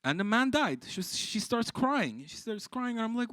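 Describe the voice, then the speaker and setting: A man from Iran doing live stand-up, telling stories with swearing and shouted punchlines. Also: very high-pitched, measured pace, pauses often, dry recording. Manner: animated, swearing, exclaiming punchlines. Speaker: stand-up comedian. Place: live comedy stage.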